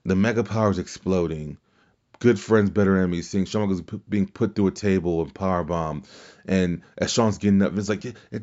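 Deep and darkish, this man's voice moves at normal speed over lo-fi sound. He hosts a casual wrestling podcast, wandering through his opinions while swearing freely, restarting sentences, and mimicking quotes.

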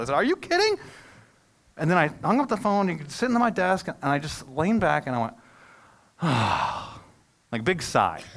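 A pastor preaching a sermon to his congregation, telling stories and joking, then swelling from quiet asides to loud, emphatic peaks. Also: mid-range voice. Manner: jokes with the congregation. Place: church service held in a movie theater.

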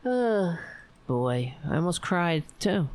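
An overtired woman hosting a livestream, rambling warmly to her viewers and signing off. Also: on the low side, big pitch swings, slow pace. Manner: rambling, emotional, talks to viewers. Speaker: livestream host. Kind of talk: casual late-night livestream sign-off.

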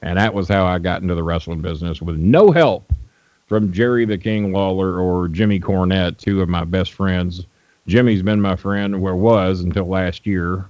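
A man with a low, slightly mellow voice, a wrestling manager from Louisville, Kentucky, shares rambling, profane stories casually as an interview guest. The recording is dry and dull.

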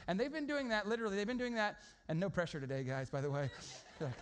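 Man, pastor, high voice, conversational sermon, storytelling, lots of restarts. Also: quick pace.

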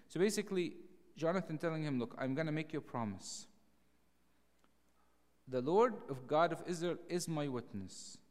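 A clergyman teaching a Bible study sermon, acting out the dialogue with a raised, animated voice. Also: a little high, moderate pace, long pauses. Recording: long hall reverb.

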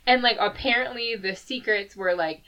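A woman co-hosting a podcast, retelling a book plot in casual chat, animated and full of laughter and filler words. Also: a little high, moderate pace. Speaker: podcast co-host.

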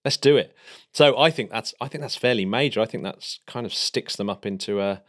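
A man co-hosting a podcast, chatting excitedly about space news with plenty of fillers and restarts. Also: on the low side, fairly quick. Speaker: podcast co-host. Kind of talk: casual space news chat.

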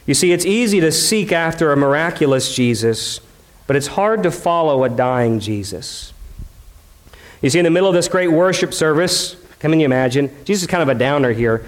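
A man's voice: on the high side, animated, normal speed. A male pastor preaching a sermon in a conversational, dramatic way, asking the crowd questions and acting out the voices he quotes.

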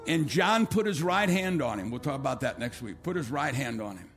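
A male pastor preaching a sermon, swinging between loud, rising calls and quiet, low appeals, acting out quotes and leading an altar call. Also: animated, fairly quick, soft background music.

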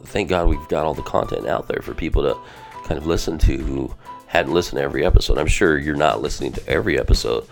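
Male pastor-host, very deep voice with heavy fry, energetic and informal. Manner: energetic, informal, peppered with "man" and "bro". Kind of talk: casual devotional podcast chat.

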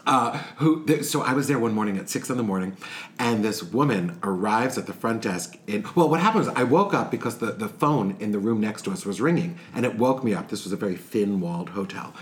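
A man's voice: on the low side, expressive, fairly quick. A man telling a funny story in casual chat, laughing often and acting out the quoted voices.

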